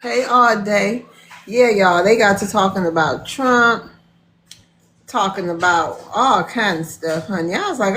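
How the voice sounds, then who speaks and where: A woman's voice: medium pitch, measured pace, fairly bright tone, slight background noise. A woman hosting a casual live stream, chatting and greeting viewers by name in a folksy way.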